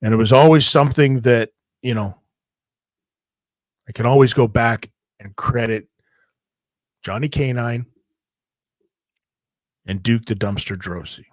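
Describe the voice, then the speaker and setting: Dude ranting a story, cusses a lot, stumbles and repeats, dead dry mic. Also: male voice, medium pitch, unhurried, long pauses, dry recording. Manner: profane, animated, repeats himself when worked up. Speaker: podcast host telling a wrestling story. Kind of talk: casual storytelling.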